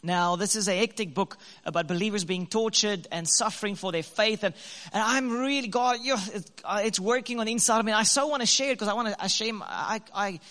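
A man telling a lively story to couples, laughing and acting out his own lines. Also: sits high, a little fast, big-room sound. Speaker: co-host, husband speaking to couples. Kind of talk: animated storytelling talk.

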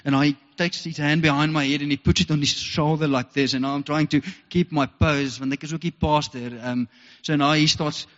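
A man's voice: fairly high pitch, steady tone, normal speed, hardly any pauses. An earnest South African man preaches a heartfelt sermon, circling back to the same phrases. His voice carries a long reverb through a church hall. The recording is dull and lo-fi. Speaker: pastor.

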